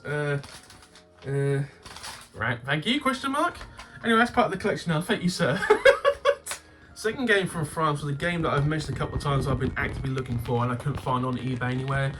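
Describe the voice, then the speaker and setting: A man hosting a game-collecting channel, chatting casually as he opens his games, swearing freely and bursting into loud laughter. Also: a little high, expressive, brisk, over music. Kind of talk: casual unboxing chat.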